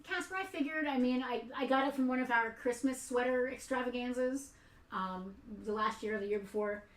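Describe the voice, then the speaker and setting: High-voiced woman hosting in an echoey store. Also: a little fast. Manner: chatty and giggly, with blunt outbursts. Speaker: livestream host of a toy store giveaway. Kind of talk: casual livestream chat. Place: toy store, indoors. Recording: roomy echo, a bit far from the mic.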